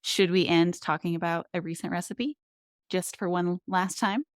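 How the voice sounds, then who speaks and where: Female podcast host, low smooth voice, upbeat conversational delivery. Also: fairly even intonation, normal speed, dry recording, studio quality. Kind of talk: casual chat.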